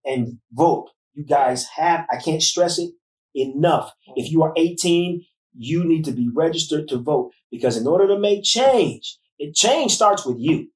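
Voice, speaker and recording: A woman's voice: low voice, animated, unhurried, a little mellow. Earnest middle-aged woman, distant and roomy. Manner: earnest, preachy, repeats words. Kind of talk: casual discussion.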